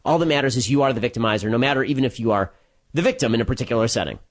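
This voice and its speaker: A man delivering a solo commentary monologue, telling a story quickly with restarts and sarcastic, mocking asides. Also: medium pitch, expressive. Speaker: political commentator.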